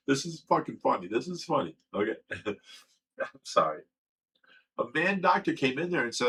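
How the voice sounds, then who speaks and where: Man hosting a livestream, bright tense voice, rambling emotional talk, swears a lot. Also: medium pitch, sing-song, moderate pace, pauses often, low-quality recording. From Ohio. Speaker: livestream host. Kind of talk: candid livestream chat.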